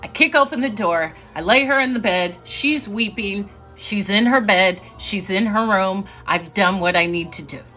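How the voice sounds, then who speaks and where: A young woman casually telling a story to a live audience, chatty and animated and laughing now and then. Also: medium pitch, normal speed, few pauses, faint music behind.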